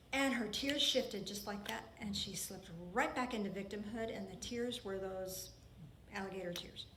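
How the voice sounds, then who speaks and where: A fairly high-voiced woman minister gives an earnest, emphatic sermon and often repeats her phrases for weight. The room around her is roomy and echoing. A faint ambience hums behind her. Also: slight background noise. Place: church.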